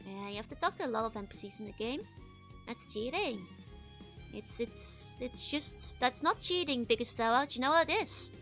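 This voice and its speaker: A woman with a high, bright voice chats casually on a live stream and answers viewer messages as they come in. Soft game music plays in the background. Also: lively intonation, moderate pace.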